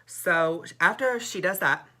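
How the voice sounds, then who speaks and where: A young man with a drawl tells a story straight to camera in vlog style. His voice is bright and sharp, and his delivery is dramatic and expressive, peppered with swearing. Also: sits high, slow. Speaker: vlogger.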